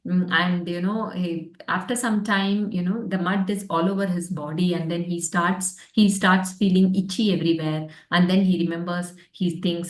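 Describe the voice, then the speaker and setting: A woman, teaching a spiritual study group and telling a story in a reflective, gentle way, often pausing to search for words. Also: on the low side, steady tone. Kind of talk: storytelling scripture class. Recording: roomy sound from a distant mic.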